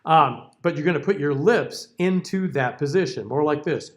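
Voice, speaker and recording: Diction teacher with a higher man's voice. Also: moderate pace. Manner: explanatory, checks in often with okay; sings example words out. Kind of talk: classroom lecture.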